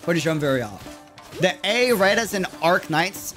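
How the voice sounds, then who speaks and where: This is a young man with a New York City accent, talking through a live gaming stream. His voice sits a touch high and swoops up and down with a lot of life. He rambles casually to chat and yells at the game whenever things go badly. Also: sing-song, moderate pace, faint music behind. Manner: chatty, reacts loudly to gameplay.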